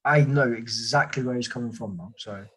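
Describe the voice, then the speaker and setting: A man with a husky, slightly breathy voice and a middle-pitched tone. An army veteran, he tells long, rambling stories in relaxed conversation and slips into other people's voices when he quotes them. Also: normal speed, poor audio. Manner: rambling storyteller who acts out quoted voices. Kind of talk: casual conversation.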